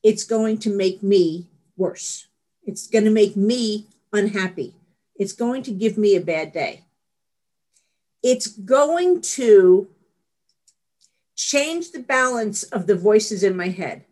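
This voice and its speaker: A woman's voice: mid-range voice, animated, takes it slowly, darkish tone. A middle-aged woman giving a candid, rambling personal share at a support meeting, laughing at herself. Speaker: recovery meeting speaker.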